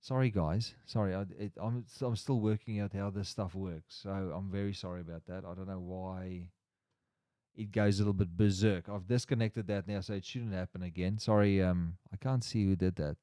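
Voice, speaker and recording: A man's voice: deep voice, steady tone, normal speed, dark tone, clean tone, dry recording, clean studio sound. A man hosting a casual livestream chat, rambling and restarting his sentences as he reads the chat aloud. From Australia. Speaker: livestream host.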